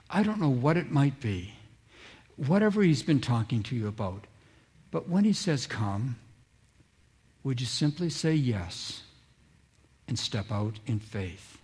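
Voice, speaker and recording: A man's voice: mid-range voice, very animated, a little slow, darkish tone, husky. A man preaching a sermon, telling stories and acting out quoted voices, drawing listeners in with questions. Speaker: pastor.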